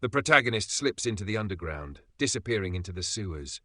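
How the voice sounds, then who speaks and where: A man's voice: on the low side, sing-song, quick pace, pushed and bright, dry recording, studio quality. A man narrating a comic recap in scripted, dramatic storytelling.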